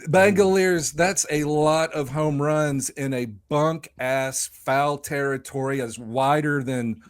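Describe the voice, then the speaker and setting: A man of ordinary middle pitch chats loosely on a sports podcast. He rambles from stat lines into jokes, and he swears in an easy, offhand way. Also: steady tone, slow, smooth. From lives in Nashville. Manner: rambling, joking, swears casually. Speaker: podcast co-host. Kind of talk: casual sports podcast chat.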